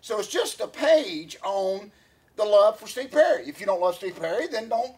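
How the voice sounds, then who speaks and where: A man's voice: high voice, animated, moderate pace, darkish tone, slightly rough. A man, co-hosting a casual podcast chat, rambling with lots of fillers and restarts. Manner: rambling, many fillers and restarts, laughs often. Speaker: podcast co-host.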